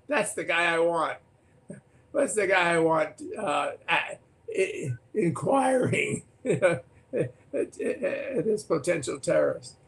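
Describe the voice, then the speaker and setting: An older man, a former political candidate, recounting debate stories as a guest in an animated way, often repeating words. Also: on the high side, slow pace, creaky. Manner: animated, repeats words and restarts, acts out quotes. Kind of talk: anecdotal storytelling in conversation.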